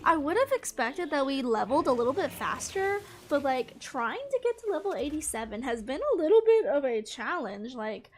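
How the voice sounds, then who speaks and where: A young woman chatting casually while playing a game, rambling and often breaking into loud squeals and laughter. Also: high voice, big pitch swings, normal speed, few pauses, slight background noise. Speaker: gaming streamer. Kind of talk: casual gameplay commentary. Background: game music.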